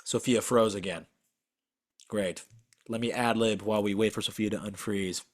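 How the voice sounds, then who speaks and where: A man's voice: lowish voice, fairly even intonation, normal speed. A young man co-hosting a podcast over a video call, telling a story as a profane, exasperated rant. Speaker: podcast co-host.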